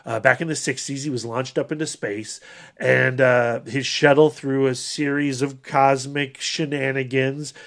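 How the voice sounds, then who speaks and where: A man's voice: medium pitch, steady tone, measured pace, fairly bright tone. Chatty man riffing on comic lore. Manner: enthusiastic, rambling with restarts. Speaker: podcast co-host. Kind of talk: casual chat.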